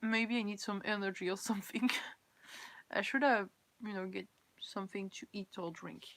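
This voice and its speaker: A woman's voice: medium pitch, steady tone, moderate pace, fairly bright tone, dry recording. A tired young woman with a French accent, a native French speaker, chatting casually on a live stream. She giggles often, reads viewers' comments aloud, and runs herself down. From France. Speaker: cosplay livestreamer.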